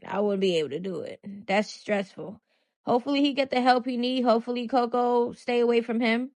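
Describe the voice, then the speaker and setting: A woman's voice: on the high side, a little fast, a little mellow, dry recording. A woman giving casual commentary on a clip, chatty and hesitant with many fillers. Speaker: commentary channel host.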